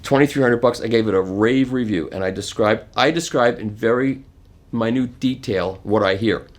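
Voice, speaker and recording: A man's voice: medium pitch, normal speed. Older man telling anecdotes. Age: 70s. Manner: animated, acts out quoted voices, chuckles. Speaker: interview guest. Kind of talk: casual anecdotal storytelling.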